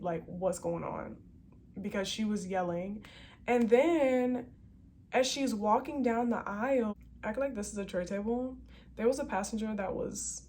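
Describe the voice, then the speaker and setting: A woman flight attendant tells a story to her viewers, animated and chatty with lots of slang. Her voice sits at a middle pitch, and faint background noise sits under it. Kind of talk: casual storytelling vlog.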